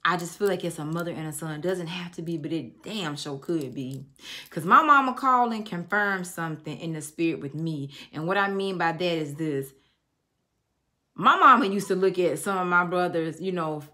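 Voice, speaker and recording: A woman's voice: on the low side, sharp tone. A middle-aged woman giving a casual tarot reading, blunt and emphatic, telling stories and swearing freely. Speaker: tarot reader.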